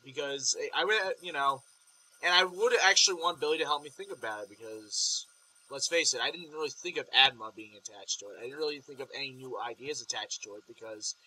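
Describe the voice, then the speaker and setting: A man's voice: mid-range voice, pushed and bright, rough recording. A young man hosting a casual group podcast chat, rambling with plenty of ums as he plans projects. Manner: rambling, lots of filler ums. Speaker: podcast host.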